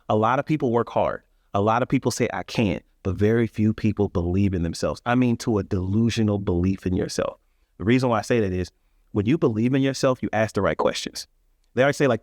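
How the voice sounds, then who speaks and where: A man's voice: on the low side, darkish tone, dry recording, clean studio sound. A man telling his life story as a guest in an interview, earnest and reflective, with frequent restarts and emphatic rises.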